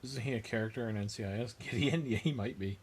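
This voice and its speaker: A man's voice: lowish voice, quick pace, husky. A man hosting a miniature painting livestream, chatting casually as he works and answering viewers with dry, self-mocking humor.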